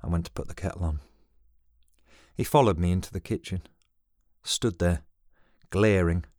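A man reading a story aloud with a wry, exasperated edge. His voice sits on the low side. The sound is dry and close. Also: moderate pace, darkish tone, no echo.

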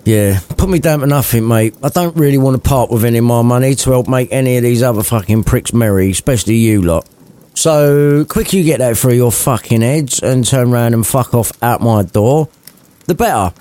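A man voicing a crude, sarcastic old miser who swears loudly. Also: medium pitch, moderate pace, dry recording, close to an everyday voice. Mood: aggressive. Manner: loud foul-mouthed rants.

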